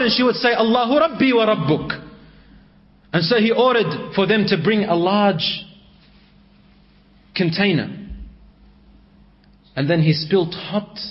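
High-pitched guy preaching a story sermon, goes loud then quiet, muffled lo-fi audio. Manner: storytelling, swings between raised and hushed. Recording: dull lo-fi recording.

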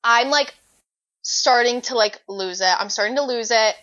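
A young woman co-hosting a podcast, telling a story in an animated, dramatic way. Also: on the high side, moderate pace. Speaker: podcast co-host. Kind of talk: casual chat. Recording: dull lo-fi recording.

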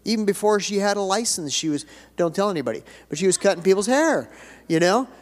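An older man preaching a sermon, folksy and conversational, then building to emphatic declarations. His voice sits somewhat high. The reverb of a church hall trails after each line. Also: expressive, fast. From United States. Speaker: pastor. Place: church sanctuary.

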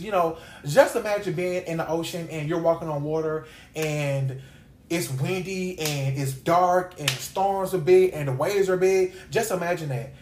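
A man's voice: sits high, slight background noise. A man hosting a Bible study podcast, preaching in a casual, conversational way and repeating phrases for emphasis. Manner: conversational, with slangy asides. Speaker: podcast host and Bible teacher. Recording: roomy echo.

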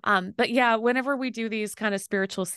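A woman author talking as an interview guest, gentle and reflective, often laughing and dropping into soft near-whispers. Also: a little high, steady tone, fairly quick, clear, resonant tone, dry recording, studio quality. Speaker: author and podcast host, guest.

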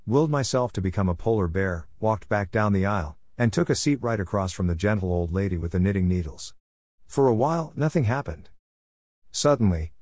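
Low-voiced man reading a story, dry. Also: a little mellow, no room sound. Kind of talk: first-person story reading.

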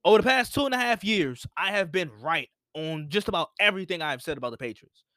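A man's voice: high-pitched, animated, fast talker, pushed and bright, no echo, studio quality. A man hosting a sports podcast, talking casually and repeating his points for emphasis. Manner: opinionated, repeats himself for emphasis. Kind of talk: casual solo sports talk.

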